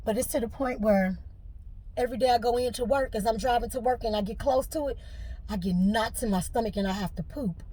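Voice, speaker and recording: A woman's voice: on the high side, brisk, dark tone. A middle-aged woman, venting to camera with emotion and fighting back tears. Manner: tearful, fighting back crying. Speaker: vlogger.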